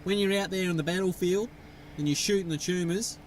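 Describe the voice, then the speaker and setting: A man's voice: sits high, a little fast, far from the mic, a little hiss or hum. A young man bantering in a heated, worked-up way and swearing freely while gaming, on a headset. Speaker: gamer. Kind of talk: profane in-game banter.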